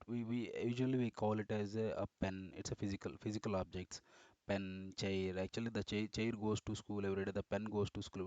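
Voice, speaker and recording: A man's voice: medium pitch, a little mellow, no room sound, muffled recording. A man teaching English grammar in a screen-recorded lesson, repeating and correcting himself as he explains step by step.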